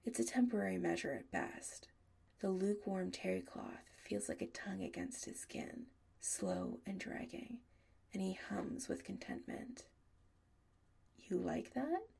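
A woman narrating an audiobook in a soft, often half-whispered delivery. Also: mid-range voice, sing-song, a little slow, gravelly, husky.

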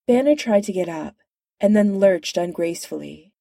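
A woman narrating fiction in a measured, expressive audiobook reading. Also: mid-range voice, gravelly, dry recording, studio quality.

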